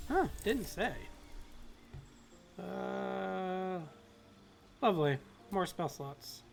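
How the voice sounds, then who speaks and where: A man's voice: fairly high pitch, gravelly. A man streaming a game, chatting casually, reading game text aloud and making jokey outbursts. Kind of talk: casual let's-play commentary. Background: faint game music.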